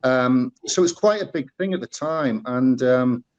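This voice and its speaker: A man's voice: medium pitch, moderate pace, darkish tone, highs cut off. A middle-aged man from the northeast of England with a Teesside accent, telling stories as an interview guest, full of fillers and restarts. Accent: Northeast English (Teesside). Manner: rambling, many fillers and restarts. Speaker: guest, former musical performer. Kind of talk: casual interview storytelling.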